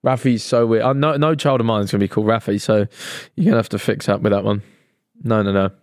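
A man's voice: lowish voice, fairly even intonation, quick pace, darkish tone, no echo, clean studio sound. A man in his late twenties with an Essex accent, co-hosting a casual podcast, teasing and swearing freely. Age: 20s. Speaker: podcast co-host. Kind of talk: casual chat.

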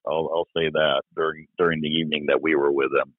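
A man, a former police officer, recounting events in an interview, halting with many fillers and restarts. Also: extremely low pitch, little pitch movement, no room sound. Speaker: retired police officer guest. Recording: dry, tinny phone-like line.

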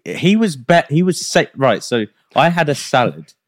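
A man's voice: fairly high pitch, sing-song, moderate pace, no echo, clean studio sound. A man co-hosting a podcast, telling stories in easygoing casual chat. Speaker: podcast co-host.

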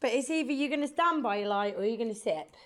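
Woman podcast host, kinda high voice, teasing her guest, swears a lot, fast banter. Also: lively intonation. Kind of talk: casual chat.

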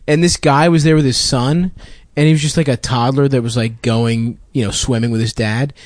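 A man's voice: mid-range voice, fairly even intonation, normal speed, a little mellow, no room sound. A man co-hosting a comedy podcast, telling a crude story in casual chat. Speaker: podcast co-host.

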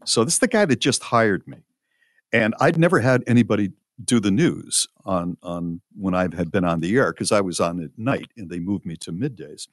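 A man's voice: on the low side, lively intonation, moderate pace, dry recording, studio quality. An older man, a podcast co-host and former radio disc jockey, telling a story in casual chat with many fillers and restarts.

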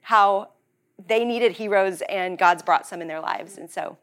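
A woman in her forties hosting a podcast, talking in an earnest, effusive way and quick to emotion. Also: mid-range voice, a bit bright. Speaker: podcast host. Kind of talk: heartfelt conversation.

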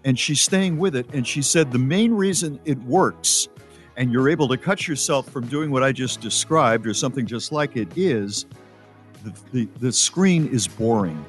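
A man's voice: medium pitch, moderate pace, faint music behind. A man hosting a radio show, chatting casually and musing aloud about his own habits.

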